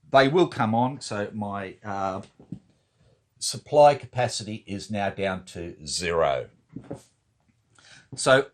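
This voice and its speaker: A man talking through his turn in a board wargame, thinking aloud and counting units with many fillers. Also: on the low side. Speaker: wargame player. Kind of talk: casual talk-through of a board game turn.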